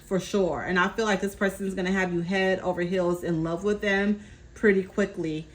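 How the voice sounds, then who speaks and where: A woman doing a casual tarot reading, calmly relaying messages from spirit and often checking in with her listener. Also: medium pitch, moderate pace, poor audio. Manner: reassuring, keeps checking in with "okay?". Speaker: tarot reader.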